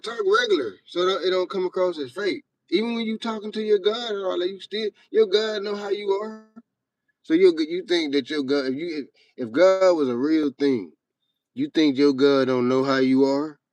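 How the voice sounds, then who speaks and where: A man's voice: mid-range voice, no room sound. A young man hosting a livestream, talking bluntly and profanely in a rambling, casual way to his chat. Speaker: livestream host.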